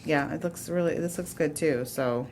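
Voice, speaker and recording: A woman's voice: low-pitched, normal speed, a little mellow, slight background noise. A woman co-hosting a movie podcast in casual chat, rambling with fillers and frequent laughs. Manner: chatty, laughs often, filler-heavy. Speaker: podcast co-host.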